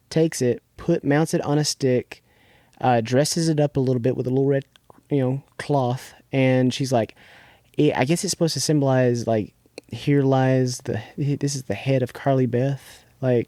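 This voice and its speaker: A man's voice: medium pitch, warm tone, no echo, clean studio sound. A young man co-hosting a podcast, casually recapping a TV episode in a rambling way, restarting often and leaning on filler words. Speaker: podcast co-host.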